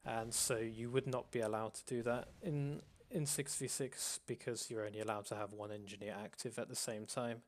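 A man hosts a casual live stream and walks viewers through game rules. His voice sits at an ordinary pitch, and he calls it monotone himself. He talks with plenty of fillers and restarts. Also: normal speed, hardly any pauses. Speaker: host.

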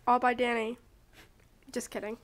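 A woman's voice: fairly high pitch, little pitch movement, normal speed. A young woman with a South Jersey accent, chatting casually to the camera in a vlog, giggly and talkative. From New Jersey, USA. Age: young adult. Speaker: vlogger.

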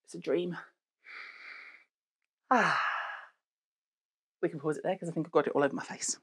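A middle-aged woman talks through beauty products in a blunt, sweary, joking way. Her voice sits a little low for a woman. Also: unhurried, pauses often, a bit bright, breathy edge. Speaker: beauty show host. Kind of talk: casual chat reviewing products.

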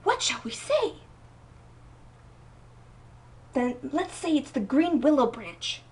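A woman voicing two proud, cruel young sisters who talk in a shrill, boastful way. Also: sing-song, normal speed, darkish tone, slight background noise. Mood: flustered. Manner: shrill, boastful and haughty, stammering when caught out. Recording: voice a bit distant from mic.

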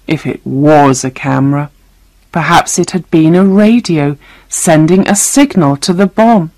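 Slow, low-voiced woman reading a story. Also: a little mellow, no room sound, poor audio. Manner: slow, clear reading for learners. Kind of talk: scripted narration of a graded reader.

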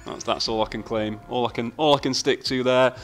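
A man commenting casually on his slot play. He swears freely, talks to himself and shouts at the game. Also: medium pitch, steady tone, brisk, faint music behind. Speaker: slot video host. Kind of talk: casual commentary while playing slots.

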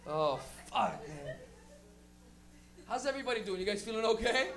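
A stand-up comedian doing a live set, rowdy and profane, breaking into loud shouted impressions. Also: medium pitch, lively intonation, normal speed, gravelly, noisy background.

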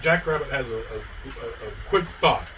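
A man's voice: mid-range voice, expressive, normal speed. A man playing a tabletop game, chatting eagerly about his moves and rolls. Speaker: player. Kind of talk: casual tabletop game play. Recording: background noise.

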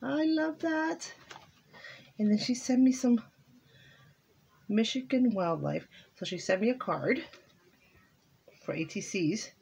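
A woman's voice: mid-range voice, expressive, measured pace, long pauses, warm tone, husky. A woman vlogging casually at home as she opens holiday cards and crafting mail, chatty and exclaiming over each one. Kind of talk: casual chat while opening mail.

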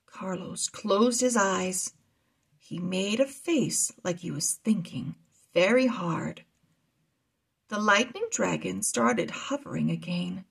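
Slow, husky woman reading a children's story. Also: mid-range voice. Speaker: children's book reader. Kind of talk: reading aloud a children's chapter book.

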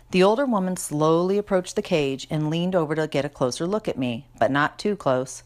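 Woman storybook reader, low voice, chatty first-person narration. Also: brisk, few pauses, darkish tone. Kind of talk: storybook read-aloud narration.

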